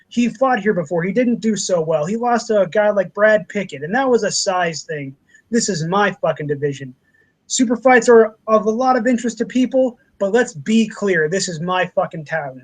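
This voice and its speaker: A man with a high-pitched voice talks on a casual podcast. He swears freely and gets animated, slipping into other people's voices to act out their quotes. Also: normal speed, poor audio. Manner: profane, animated, acts out quotes. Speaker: podcast co-host.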